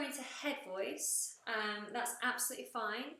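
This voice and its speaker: A woman's voice: medium pitch, moderate pace, pushed and bright. A woman coaching singing during a live feedback session, explaining technique and sometimes breaking into sung demonstrations. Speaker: vocal coach. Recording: roomy echo.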